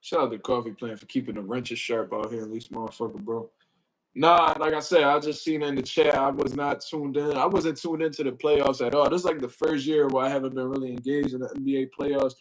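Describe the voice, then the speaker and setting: A medium-pitched man talks a little fast in a steady tone, hosting a casual boxing livestream recorded at low quality. He greets chat viewers and rambles with swearing and slang, filling pauses with "you know what I mean," while pulling his desk mic nearer.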